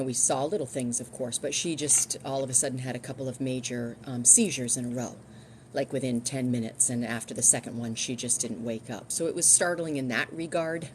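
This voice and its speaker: Chatty low-voiced woman streaming live. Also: a little mellow, slight background noise. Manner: chatty, rambling, frequent restarts and fillers. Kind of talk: casual live-stream chat. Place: home.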